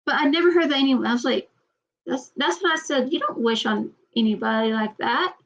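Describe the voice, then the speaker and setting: A woman vlogging in casual personal talk, halting, often repeating herself and trailing off. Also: high voice, a bit bright.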